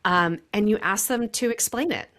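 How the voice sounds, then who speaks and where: A woman co-hosting a podcast, speaking in a thoughtful, measured way in casual conversation. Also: medium pitch, fairly bright tone. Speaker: podcast co-host.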